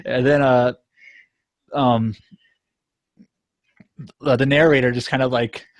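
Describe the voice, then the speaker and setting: A man's voice: medium pitch, fairly even intonation, takes it slowly, no room sound. Guy rambling on a podcast, tons of "like"s, dry close sound. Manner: rambling, many "like" fillers and restarts. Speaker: podcast co-host. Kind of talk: casual chat.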